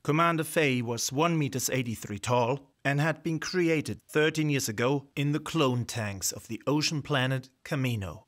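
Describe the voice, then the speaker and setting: A man's voice: medium pitch, a bit bright. A man narrating a sci-fi audio drama.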